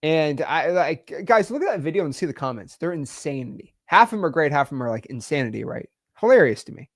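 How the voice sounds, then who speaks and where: Emotional, halting man on a live stream. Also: on the high side, big pitch swings, no room sound, studio quality. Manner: halting, repeats words, sighs, swings between loud and quiet.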